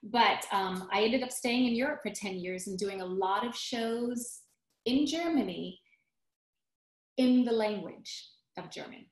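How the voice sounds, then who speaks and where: A woman's voice: fairly high pitch, measured pace, reverberant, low-quality recording. A woman actress telling her career story in a casual interview, acting out quotes along the way. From United States. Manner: animated storyteller, acts out quotes, restarts often. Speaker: guest, musical theater actress.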